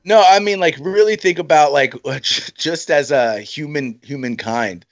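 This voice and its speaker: A man's voice: a little high, a little slow, muffled recording. A young man co-hosting a podcast, laid-back, teasing and swearing casually. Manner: laid-back, swears and teases, says "yo" and "bro". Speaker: podcast co-host. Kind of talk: casual chat.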